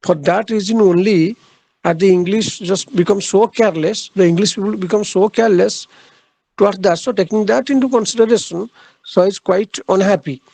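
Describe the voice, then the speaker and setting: A man lectures on literature in a high-pitched voice with a rough, gravelly edge. He works through his points haltingly, filling gaps with "uh" and restating each idea. The sound is close and dry, with no room echo. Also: dark tone. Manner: halting, repeats key phrases, frequent "uh" pauses. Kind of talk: classroom lecture.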